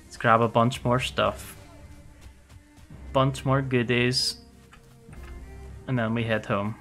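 A man's voice: medium pitch, flat delivery, slow pace, long pauses, a bit bright, soft background music. A young man giving casual gameplay commentary, chatting, laughing often and swearing at enemies. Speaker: gaming streamer.

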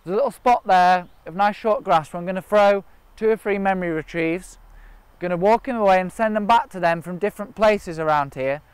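A man's voice: high voice, a little fast, clean tone, no echo. A man training gundogs outdoors, explaining each step in a practical way. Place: outdoors in a park and by a river.

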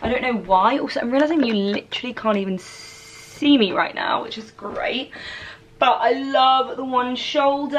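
Chatty young woman vlogger. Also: fairly high pitch. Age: 20s. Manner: chatty and playful, lots of fillers. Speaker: fashion vlogger. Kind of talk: casual try-on haul chat.

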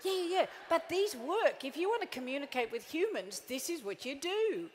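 High, lively woman giving a motivational talk. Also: normal speed, slight background noise. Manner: playful, animated, acts out little quoted scenes; coaxing the crowd into joining in. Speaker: motivational speaker. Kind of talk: live keynote talk to an audience.

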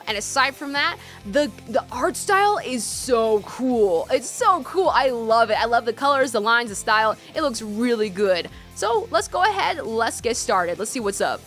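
Young woman let's-player, high lively voice, excitable and gushing, faint game music behind. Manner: gushing, excitable, many fillers. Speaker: game streamer. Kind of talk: let's play commentary reading game text aloud.

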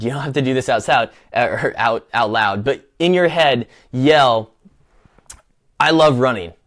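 A man hosting a live running show, talking casually with lots of restarts and fillers. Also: mid-range voice. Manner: rambling, with many fillers and restarts. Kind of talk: casual live-stream talk.

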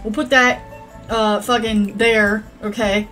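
Over faint background music, a woman hosting a gaming channel speaks slowly in a mid-range, slightly bright voice with fairly even intonation. Her gameplay commentary is loose, profane and chatty, wandering as she plays.

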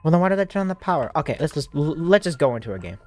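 A man talks his way through a creepy game in a loose, rambling flow full of restarts. His pitch swings widely, and soft music hums faintly behind him. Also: sing-song, rapid-fire. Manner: rambling, self-talking, lots of fillers and restarts. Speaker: streamer playing a horror demo disc. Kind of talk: casual let's-play commentary.

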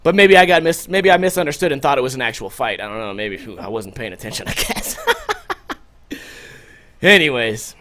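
A man hosting a podcast, telling a story in a loose, profane, animated way and loudly acting out what people said. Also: mid-range voice, moderate pace, long pauses, a little hiss or hum. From Las Vegas. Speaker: podcast host. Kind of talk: casual storytelling monologue.

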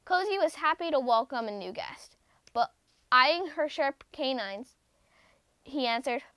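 Lady reading a kids' book out loud, high voice, gentle, dry close sound. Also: a little slow, no echo. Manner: gentle, expressive storytelling. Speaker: children's book reader. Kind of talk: reading a picture book aloud.

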